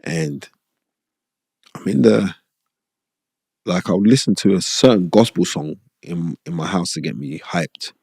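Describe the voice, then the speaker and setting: A middle-aged man, a podcast guest, telling stories in an animated, rambling, streetwise way with a lot of repetition. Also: sits low, a little slow, gravelly, long pauses, husky, dry recording, clean studio sound. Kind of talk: casual storytelling interview. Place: podcast studio.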